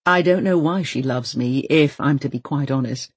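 A mild-mannered, anxious father, as a narrator reads him, hedging each phrase with careful hesitation. The tone is slightly husky and close, with a dry, dead sound. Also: mid-range voice, moderate pace, no room sound. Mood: hesitant. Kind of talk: audiobook character voice.

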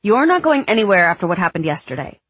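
A woman's voice: on the high side, expressive, measured pace, breathy edge, dry recording, pitched above the performer's own voice. Woman reading a tense worn-out mom, clipped, dry close sound.

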